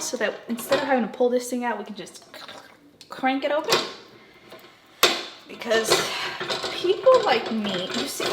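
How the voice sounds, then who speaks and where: In a home kitchen, a young woman with a high voice vlogs casually as she cooks, chatty and rambling, tossing in self-deprecating asides. The recording is very noisy and echoey, with loud frying sizzle and the sounds of food sizzling and being stirred.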